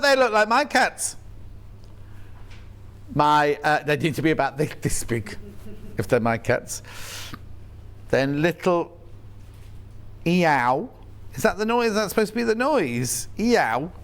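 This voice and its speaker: On a live shopping channel, a high-pitched man with a Yorkshire accent keeps things chatty and playful, slipping in jokey asides.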